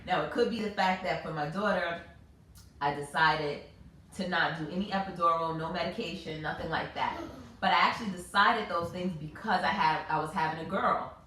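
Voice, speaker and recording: A woman in her thirties, hosting a casual chat and telling stories in an animated, expressive way. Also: fairly low pitch, a little fast, a little hiss or hum. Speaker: host. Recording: echoey room, mic far off.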